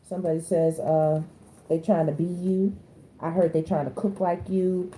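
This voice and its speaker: A woman, doing a casual tarot reading in a blunt, slangy and animated way. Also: moderate pace, slight background noise. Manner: animated, slangy, blunt, with sudden high-pitched exclamations. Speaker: tarot reader.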